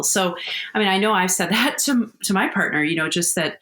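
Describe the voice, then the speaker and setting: A woman's voice: mid-range voice, brisk, a bit bright. A middle-aged woman, a podcast guest, chatting candidly and telling personal stories with frequent laughter. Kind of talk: casual conversational interview.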